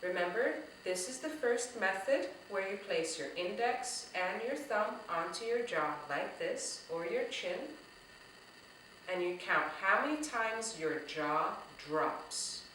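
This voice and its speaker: A woman teaching a children's music lesson, speaking slowly, patiently and with clear articulation. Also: medium pitch, animated, fairly bright tone, slight background noise. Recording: echoey room, voice a bit far from the mic.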